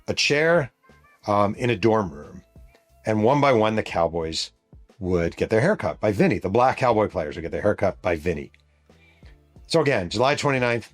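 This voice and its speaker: A middle-aged man from New York State hosts his podcast with a fairly low voice. He tells the story in a loose, casual way, swears freely and adds quick spoken sound effects. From New York State, USA. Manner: casual, profane, vivid retelling with sound effects. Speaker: podcast host and author.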